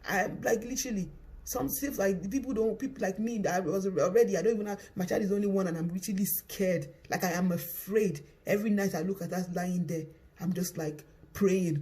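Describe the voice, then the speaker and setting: A man with a high, mellow voice delivers a fast, impassioned spoken appeal as a worried parent. He pleads urgently and circles back to the same phrases again and again to drive each point home. The tone stays earnest and pressing throughout.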